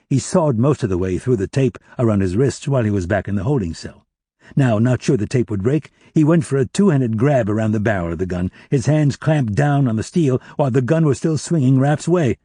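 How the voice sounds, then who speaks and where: Husky male audiobook narrator. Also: medium pitch, mellow, no echo, clean studio sound. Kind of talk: scripted thriller narration.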